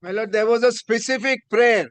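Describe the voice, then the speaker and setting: A man's voice: very high-pitched, moderate pace, a bit bright, no room sound. A man arguing before a judge in a courtroom, deferential and formal, inserting "my lord" into nearly every phrase. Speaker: advocate.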